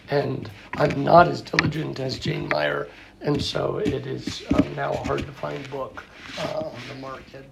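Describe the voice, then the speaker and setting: Gravelly rambling man telling stories. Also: a little high, very noisy. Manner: rambling, anecdotal storyteller. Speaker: guest speaker answering questions. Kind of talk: informal talk and Q&A.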